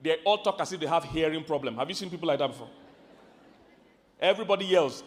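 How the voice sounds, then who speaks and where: A man with a Nigerian accent preaching about marriage to a live audience. He swings from loud emphatic lines to quiet asides and keeps asking the crowd questions. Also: on the high side, expressive, fast. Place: large hall with an audience. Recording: hall reverb from a large venue.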